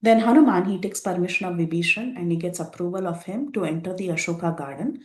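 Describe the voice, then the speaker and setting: Woman retelling scripture in an echoey room. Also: fairly low pitch. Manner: warm, unhurried retelling with many fillers. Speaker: scripture teacher. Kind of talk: devotional storytelling class. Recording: roomy echo.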